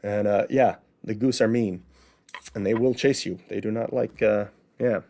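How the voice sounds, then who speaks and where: This man has a fairly low, gravelly yet mellow voice with a steady tone and moderate pace. He's a Chicago-accented Illinois native from the Midwest hosting a solo show, chatty and casual as he delivers an educational monologue. He explains things by posing rhetorical questions and then answering them himself.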